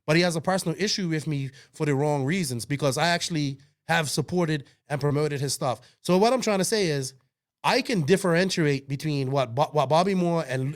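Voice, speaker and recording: A man co-hosting a podcast, talking in an animated, defensive way, with frequent swearing and restarts. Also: on the high side, brisk. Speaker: podcast co-host. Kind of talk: heated casual podcast chat.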